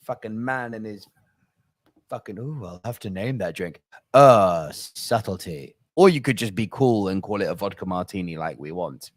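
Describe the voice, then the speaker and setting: Swearing man with a lively voice. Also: lowish voice, moderate pace, no room sound. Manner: profane, ranting and mocking. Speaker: podcast co-host. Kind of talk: casual movie ranting chat.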